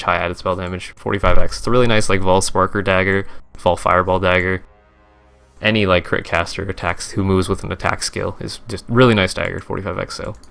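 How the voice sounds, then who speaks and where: A man's voice: low voice, creaky, sharp tone, clean tone. A young man, a streamer, casually recapping his game trades in a rambling, profane, self-correcting way.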